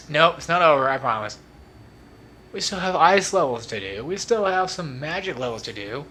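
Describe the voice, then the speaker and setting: Young guy hosting a let's play, talks nonstop, bright, slightly high voice. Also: lively intonation, normal speed. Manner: rambling, chatty and self-mocking. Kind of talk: casual gameplay commentary. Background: faint game music.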